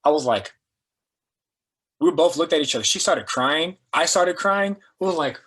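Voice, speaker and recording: Husky-voiced man telling a lively story. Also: a little high, moderate pace. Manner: animated, lots of fillers like "like" and "dude". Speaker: strength and performance coach, guest. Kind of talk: casual storytelling.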